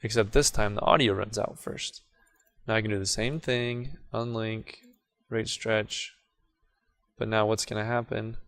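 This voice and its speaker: Here a fairly low-pitched male voice moves at a measured pace, explaining a video editing tutorial as he clicks along. The tone stays relaxed, with occasional self-corrections, and he narrates each action on screen.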